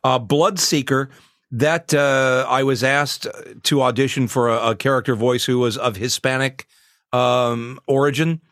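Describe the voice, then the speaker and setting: A man in his sixties, a voice actor, chatting in an interview in a relaxed, self-mocking way and laughing often. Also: medium pitch, a little slow, dry recording, clean studio sound. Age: 60s.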